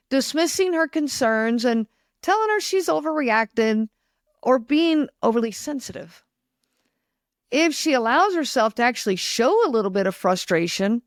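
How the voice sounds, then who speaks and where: A woman's voice: high-pitched, dry recording, clean studio sound. A woman hosting a podcast, telling stories in an earnest, conversational monologue. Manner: earnest, acts out quoted lines in passing. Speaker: podcast host.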